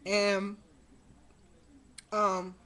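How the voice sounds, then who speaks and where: A middle-aged woman vlogger speaks very slowly in a completely flat, medium-pitched voice with a fairly bright tone. She rambles through a story to her webcam with many fillers and evident exasperation, in a casual monologue captured by the webcam mic.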